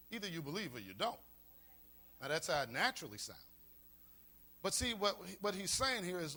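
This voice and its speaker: A man's voice: high-pitched, expressive, fairly quick, pushed and bright. A man pastor preaching a sermon, repeating key lines for emphasis. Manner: preaching with call-and-response emphasis and repetition.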